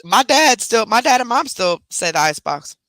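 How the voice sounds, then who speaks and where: Lively, bright-voiced woman telling a story. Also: a little high, moderate pace, dry recording. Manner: animated, expressive, with casual swearing. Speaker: host telling a family story. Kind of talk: casual storytelling chat.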